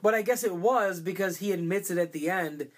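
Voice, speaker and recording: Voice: medium pitch, fairly quick. A podcast co-host in a casual movie discussion, rambling with many fillers and restarts and swearing freely.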